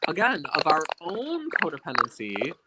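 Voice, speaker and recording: A counselor on a podcast, speaking haltingly and searching for words with many fillers. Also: medium pitch, huge pitch swings. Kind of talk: casual podcast discussion. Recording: loud noise with clicks.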